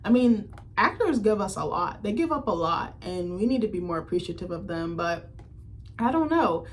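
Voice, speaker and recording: A woman's voice: mid-range voice, expressive, moderate pace. A young woman, a vlogger giving candid, slangy celebrity commentary, thinking aloud in casual chat.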